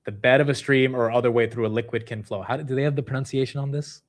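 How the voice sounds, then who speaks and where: A young man hosting a casual livestream, laughing at himself and reacting quickly to the chat. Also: medium pitch. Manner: animated, self-mocking, reacting to chat. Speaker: livestream host.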